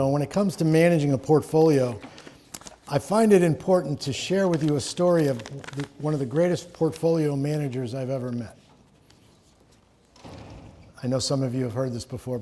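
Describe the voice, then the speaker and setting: A man's voice: a little high, darkish tone. A middle-aged man from Connecticut presenting a live seminar in a conversational, joking way, to an audience in a room. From Connecticut, USA.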